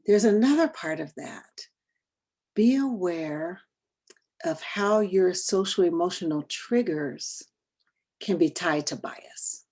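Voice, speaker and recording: A woman leading a training session over a video call, talking conversationally and quizzing her group with quick questions. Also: lowish voice, expressive, darkish tone. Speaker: workshop trainer.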